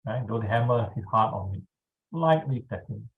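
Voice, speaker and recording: A man leading a guided tapping exercise over a video call, speaking calmly and checking in often with his listeners. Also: lowish voice, gravelly, phone-quality sound. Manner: slow, calm instructional pacing with frequent "all right". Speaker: EFT tapping instructor.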